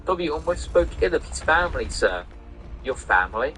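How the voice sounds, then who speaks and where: A man voicing a small, earnest male house elf who is servile and self-punishing, speaking in a high, pleading voice while he reads a novel aloud. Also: very animated, a little fast, pushed and bright, a little hiss or hum, low-quality recording. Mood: anguished. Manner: high-pitched, pleading, says sir constantly. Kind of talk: reading a novel aloud over gameplay.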